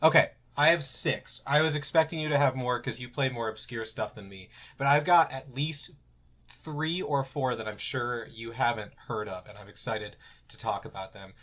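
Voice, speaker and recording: A man's voice: mid-range voice, normal speed, a bit bright. A young man co-hosting a casual podcast, playful and joking. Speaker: podcast co-host. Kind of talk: casual chat.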